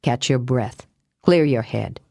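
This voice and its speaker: A woman doing a soft soothing man. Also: very deep voice, slow pace, vocal fry, dry recording, clean studio sound, voice pushed down, exaggerated voice.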